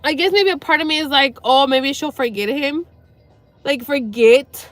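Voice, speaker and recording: A young woman with a high voice talks on a live stream in a halting, rambling way, swearing and sighing as she fights back tears. The sound is dry and close, with faint music playing underneath. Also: fairly bright tone, dry recording. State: near tears. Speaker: livestreamer. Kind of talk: emotional personal talk to viewers.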